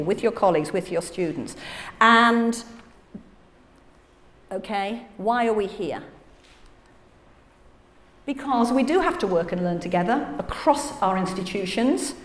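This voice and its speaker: A woman giving a conference keynote, animated and chatty, laughing through asides to the audience. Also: mid-range voice. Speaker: plenary conference speaker. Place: large conference hall. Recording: echoey hall with faint room ambience.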